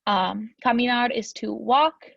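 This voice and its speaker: A woman's voice: fairly high pitch, unhurried, gravelly, fairly bright tone, dry recording, lo-fi sound. A young woman teaching a Spanish grammar lesson in a chatty, upbeat way, with frequent ums.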